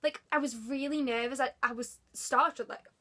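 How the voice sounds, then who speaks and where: A woman vlogger telling a story casually to the camera, excitable and gushing, filling her talk with "like". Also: sits high, normal speed.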